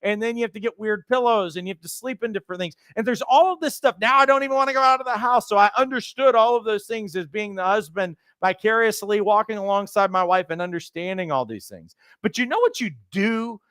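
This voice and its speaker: Man, coach trainer, motivational talk, fairly high voice, smooth and clear, dry close sound, emphatic repetition. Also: fast, hardly any pauses, a bit bright, no room sound. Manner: earnest, emphatic, builds through repeated phrases; acts out quoted voices, occasional restarts.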